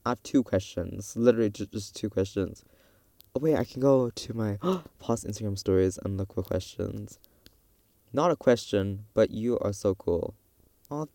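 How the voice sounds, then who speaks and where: Young guy ranting on his podcast, lowish voice that jumps all over, dry close mic, keeps calling himself an idiot. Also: dry recording. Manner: rambling, self-mocking, with sudden loud outbursts. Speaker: podcast host. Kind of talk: casual solo podcast rant. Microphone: tablet recording app.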